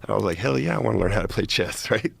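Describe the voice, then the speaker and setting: A man with a low, gravelly voice tells a story in a laid-back, slangy way. He sounds like a guest telling an interviewer about his past. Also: expressive, rapid-fire. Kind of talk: casual storytelling.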